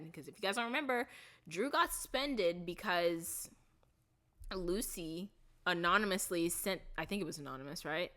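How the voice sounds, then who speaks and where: A woman vlogger recapping a TV series in casual, rambling chat, full of fillers and restarts, softening her voice on the sad parts. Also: on the low side, animated, moderate pace.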